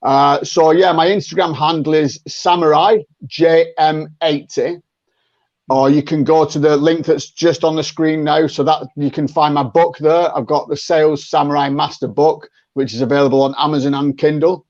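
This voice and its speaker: A man's voice: a little high, fairly even intonation, normal speed, a little mellow, no room sound. Chatty man on a dull dry call. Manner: chatty, repeats words when restarting, acts out phone calls. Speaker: podcast guest, sales coach. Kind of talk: conversational interview.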